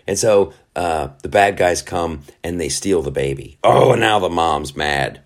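A man's voice: sits low, vocal fry. A man hosting a podcast, rambling through casual commentary, often laughing at his own jokes. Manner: quick asides and restarts, animated. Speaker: podcast host.

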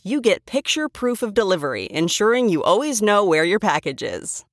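A woman reads a scripted sponsor ad with a smooth promotional flow and a lively, varied pitch. The recording is dry and close. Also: no room sound. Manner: smooth, even promotional delivery. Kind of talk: scripted ad read.

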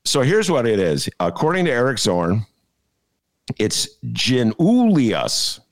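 Lively-pitched joking male podcast host. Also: moderate pace. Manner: jokey, digressive, full of filler "uh"s; slips into mock voices and laughs at his own jokes. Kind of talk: rambling comic chat.

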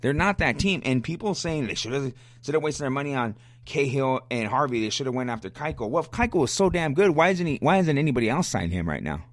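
A man's voice: mid-range voice, big pitch swings, quick pace, few pauses, no room sound. A man hosting a solo sports podcast gets worked up as he argues with his listeners. He is blunt and repeats his points, and he coughs now and then. His voice sits in a middling range, and the close mic leaves the sound dry, with no room in it. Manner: fired-up, blunt, argumentative, repeats himself. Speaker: podcast host.

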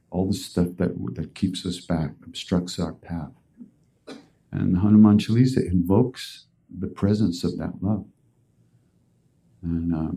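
Male podcast host, low warm voice, casual rambling storyteller. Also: vocal fry, slightly rough. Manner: casual, rambling, with fillers and restarts. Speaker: podcast host and spiritual teacher. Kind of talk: storytelling talk.

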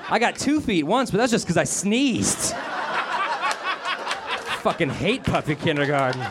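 Stand-up comedian, laughing crowd behind. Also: male voice, on the high side, very animated, normal speed, very noisy. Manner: crude, self-deprecating punchlines with acted-out voices. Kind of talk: stand-up set. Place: comedy theater stage before a laughing audience. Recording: live club recording, crowd laughter. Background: audience laughter.

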